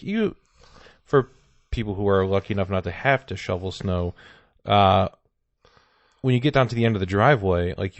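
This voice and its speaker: A man's voice: low-pitched, no room sound, dull audio. A man hosting a comedy podcast, telling a rambling, joking story full of "like". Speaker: podcast host. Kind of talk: casual comedy chat.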